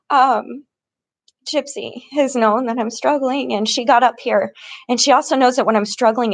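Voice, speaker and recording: A woman's voice: fairly high pitch, vocal fry, no room sound. A woman talking casually in a rambling personal vlog, laughing often between her sentences. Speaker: vlogger. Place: tent in an encampment.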